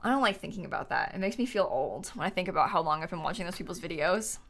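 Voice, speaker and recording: A woman in her twenties chatting casually on a live stream while gaming, animated and laughing often as she answers her chat. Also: fairly low pitch, fast. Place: home setup, lives in Florida.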